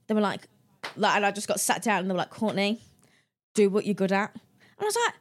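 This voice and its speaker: Animated woman telling stories. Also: mid-range voice, fast. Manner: animated storytelling, acting out quoted people in a raised voice, laughing often. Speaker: guest. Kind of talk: casual interview chat.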